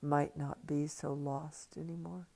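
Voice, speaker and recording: An older woman talks slowly and quietly into a livestream mic, her low voice gravelly and dark. She drifts in and out of soft whispers as she reflects. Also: little pitch movement. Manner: soft and hushed, slipping into whispers. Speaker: spiritual teacher. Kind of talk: slow reflective livestream talk. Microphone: livestream computer mic.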